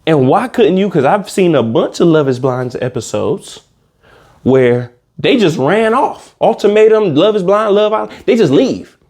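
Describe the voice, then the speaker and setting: A man ranting in a comedic reaction commentary, animated, slangy and profane. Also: high voice, unhurried.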